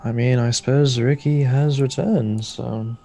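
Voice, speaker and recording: Guy roleplaying a calm investigator, slow, gravelly, dark voice, faint music. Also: medium pitch, slight background noise. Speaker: player. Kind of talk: in-character tabletop role-play.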